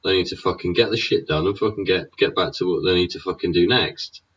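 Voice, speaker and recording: Brief: low-voiced bloke, husky, sweary rant, dull lo-fi sound. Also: male voice, fairly quick, a bit bright. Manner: swears constantly, rhetorical tags like "innit" and "yeah". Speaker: show host. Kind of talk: profane ranting monologue. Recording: dull lo-fi recording.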